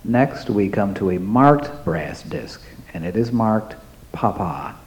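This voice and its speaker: A man announcing and describing recordings one at a time, in a slow, careful way. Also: on the low side, lively intonation, gravelly. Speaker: presenter playing recordings. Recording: roomy with faint ambience.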